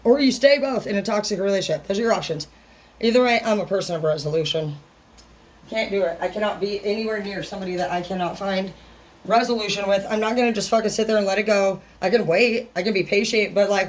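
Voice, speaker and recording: A woman's voice: mid-range voice, fast, low-quality recording. Female vlogger, unfiltered and profane, loose rambling delivery. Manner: blunt, heavy swearing, rambling; brash and unfiltered. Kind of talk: casual monologue to camera.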